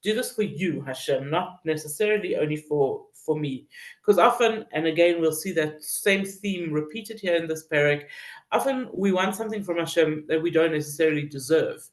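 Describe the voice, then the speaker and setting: A woman teaching a Psalm class who reads Hebrew phrases, translates them and often pauses to search for words. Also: deep voice. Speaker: Torah teacher. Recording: roomy echo.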